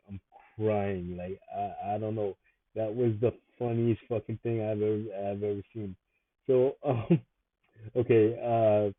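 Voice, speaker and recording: Man, casual rambling storyteller, mid pitch, tinny dry phone-like sound; vlog host. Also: no room sound. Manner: rambling, laughing at his own stories. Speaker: vlogger.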